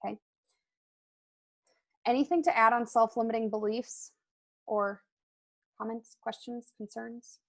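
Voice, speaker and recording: Woman, young adult, team call host, chatty, filler-heavy, fairly high voice. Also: level tone, unhurried, long pauses, fairly bright tone. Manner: chatty, lots of "like" and "um". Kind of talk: casual motivational talk.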